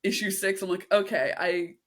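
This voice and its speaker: A woman co-hosts a podcast in relaxed conversation. She is upbeat and agreeable. She keeps the talk moving between topics. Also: on the low side, normal speed. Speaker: podcast co-host. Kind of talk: casual chat.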